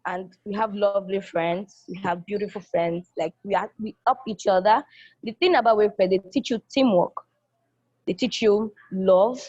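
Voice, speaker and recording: A woman's voice: medium pitch, steady tone, normal speed, darkish tone, no echo. Young woman, college student, enthusiastic, repetitive, dull lo-fi sound, dry. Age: young adult. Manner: enthusiastic, repeats phrases, acts out quoted people. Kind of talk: casual spoken testimonial.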